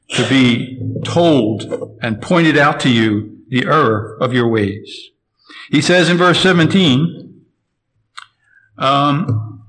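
A man preaching an expository sermon, measured and emphatic, slowing down to stress key phrases. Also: medium pitch, fairly bright tone, low-quality recording.

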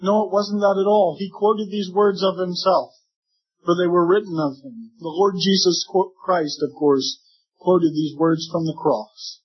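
Husky-voiced man preaching a sermon. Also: sits high, fairly even intonation, measured pace, highs cut off. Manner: earnest preaching with voiced imagined objections. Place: church.

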